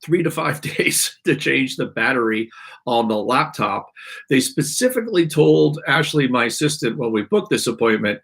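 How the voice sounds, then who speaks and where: A man's voice: medium pitch, a bit bright, breathy edge. A man hosting a live stream, telling a complaint story in an exasperated, rambling way while his throat keeps catching. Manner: exasperated, rambling ranting with restarts. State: irritated throat, clearing it often. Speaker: podcast host.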